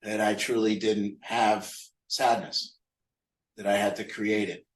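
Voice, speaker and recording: A man's voice: fairly low pitch, flat delivery, slow pace, reverberant, rough recording. A man leading a recovery group, talking candidly and mocking himself, asking rhetorical questions. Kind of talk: group talk on a call.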